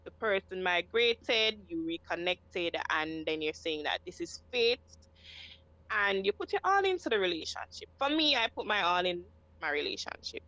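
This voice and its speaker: A woman's voice: mid-range voice, very animated, normal speed, sharp tone. A woman calling in to a live show, speaking earnestly and frankly about her own life. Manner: earnest, frank, keeps asking "you understand me?". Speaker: caller. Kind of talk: casual call-in chat. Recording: dry, dull call line.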